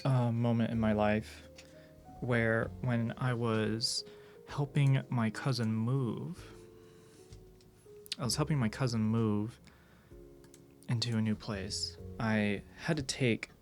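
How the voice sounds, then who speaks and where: List: man, streamer, casual chat, rambling storytelling, restarts sentences, casual swearing, middle pitch, faint music behind. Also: fairly even intonation, takes it slowly, long pauses, darkish tone.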